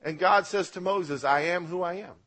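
A man preaching a sermon as pastor, swinging between loud emphatic lines and quiet low drops, asking the congregation to repeat words after him. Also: moderate pace. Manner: emphatic preaching, rising and dropping for effect.

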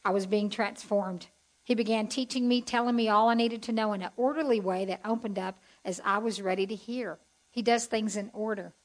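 A woman's voice: mid-range voice, fairly even intonation, brisk, rough recording. A woman giving a chatty, heartfelt testimony as a Bible teacher to a group. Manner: folksy, chatty and heartfelt, with asides to the audience.

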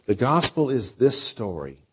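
A man preaching a sermon with a conversational style, dropping to quiet lines and rising to loud, drawn-out phrases. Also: medium pitch, big pitch swings, slightly rough. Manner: preacher with a dynamic delivery, swinging between soft and loud. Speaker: pastor.

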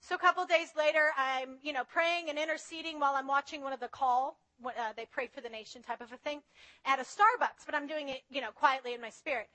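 A woman's voice: high voice, quick pace, sharp tone, low-quality recording. A woman preaching a sermon in an earnest, conversational way, telling personal stories. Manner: earnest, conversational, tells anecdotes.

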